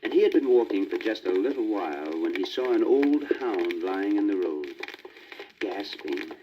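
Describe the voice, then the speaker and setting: A man narrating a children's storybook record in an expressive, lilting way, on a muffled old vinyl record with faint static. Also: lowish voice, moderate pace.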